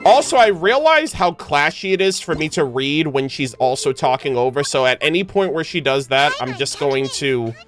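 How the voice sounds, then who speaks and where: A young male streamer reacting to a game with animated, laugh-filled commentary. His voice sits fairly high for a man. Faint game music runs behind him. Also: normal speed, hardly any pauses. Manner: animated, laughs often, breaks off to joke with chat.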